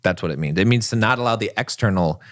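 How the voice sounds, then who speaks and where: A man's voice: fairly low pitch, fast talker, no room sound, clean studio sound. A man co-hosting a podcast, explaining his views in a lecturing way, with dramatic put-on voices for quotes. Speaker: podcast co-host. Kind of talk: casual podcast discussion.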